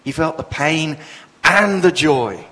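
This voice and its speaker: A man's voice: expressive, slow, pushed and bright. A man delivering a sermon with a somewhat raised voice that rings through a large, reverberant hall. He preaches with passion and emphasis, lifting and dropping his voice to press each point. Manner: passionate, emphatic, with sudden swells in pitch and volume.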